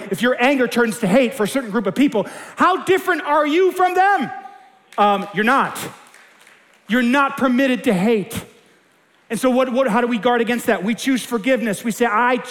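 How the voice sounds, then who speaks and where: A man preaching a sermon, impassioned and quoting scripture, with quick acted asides. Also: sits high. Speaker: pastor. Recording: long hall reverb.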